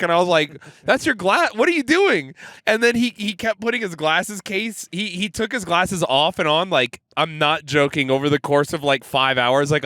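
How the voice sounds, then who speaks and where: A man's voice: a little high, pushed and bright, clean tone, dry recording. A young man co-hosting a podcast, telling rambling, profane stories in casual chat. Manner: loose, profane storytelling. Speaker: podcast co-host.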